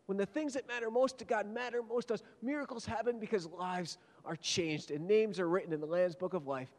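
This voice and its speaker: A man with a high, light voice preaches a sermon, telling stories dramatically and dropping from emphatic peaks to near whispers. His words ring out with a long reverb, as if he stands in a large hall. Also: steady tone, a little fast. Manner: dramatic storytelling, swinging from loud peaks to hushed whispers.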